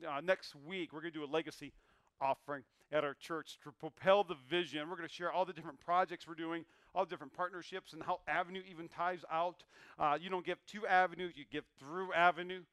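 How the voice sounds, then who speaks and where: A man preaching a sermon in a high, bright voice. He is emphatic, repeats his lines and swings from near quiet to loud bursts. The sound is smooth and dry on a close mic. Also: dry recording. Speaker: pastor.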